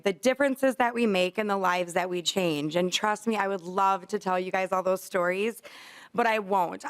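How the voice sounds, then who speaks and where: A woman, a facility administrator, gives earnest, apologetic testimony to a legislative committee. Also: mid-range voice.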